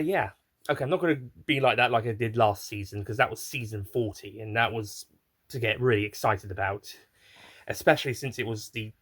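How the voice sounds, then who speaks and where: A man's voice: fairly low pitch, fairly bright tone. A man giving a casual spoken review, rambling and digressive with many fillers and restarts. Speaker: video reviewer.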